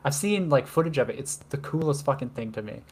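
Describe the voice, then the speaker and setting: A woman's voice: a bass voice, lively intonation, fast talker, darkish tone, breathy edge. A woman co-hosting a podcast in casual chat, rambling with lots of filler words and laughing often. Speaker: podcast co-host.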